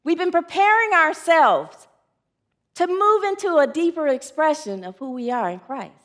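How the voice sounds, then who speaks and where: A woman delivers a sermon in a high, sing-song, slightly bright voice at a normal pace. Her congregation answers her calls as she earnestly shares stories complete with acted-out quotes.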